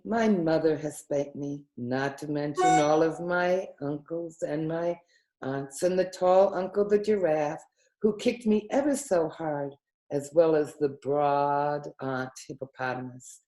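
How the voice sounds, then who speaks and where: A woman's voice: low voice, unhurried, warm tone, reverberant. A woman voicing a curious, very polite young elephant calf in a storybook reading. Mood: pleading. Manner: very polite, pleading.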